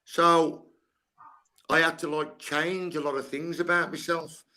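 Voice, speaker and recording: A man's voice: on the high side, level tone, unhurried, pushed and bright. Blunt older man. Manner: blunt, swears freely, tells stories with acted-out dialogue. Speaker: guest, sports coach. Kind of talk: candid storytelling chat.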